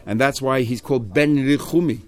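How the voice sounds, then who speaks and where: A man's voice: medium pitch, fairly quick. A man teaching a text study class, explaining step by step and acting out the speakers he quotes.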